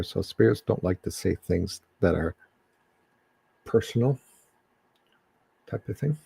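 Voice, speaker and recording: A man with a very low, gravelly voice gives casual psychic readings to a live-stream audience. He talks in halting bursts full of ums and restarts, and his tone is dark and husky. The sound is close and dry, with no room echo.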